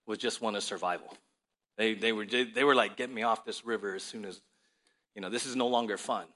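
A male pastor preaching a sermon with animated storytelling and frequent rhetorical questions to his listeners. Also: a little high.

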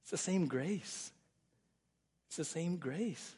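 Emphatic pastor with a fairly high voice. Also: male voice, expressive, takes it slowly, slightly rough. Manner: emphatic and repetitive, drops soft and low for stress. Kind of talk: sermon.

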